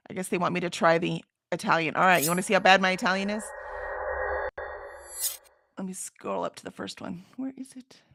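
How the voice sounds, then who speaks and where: A woman's voice: fairly low pitch, a little fast, vocal fry, long pauses, a bit bright. A woman hosting a casual livestream, reading viewer comments aloud in a chatty way and laughing often. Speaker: livestream host.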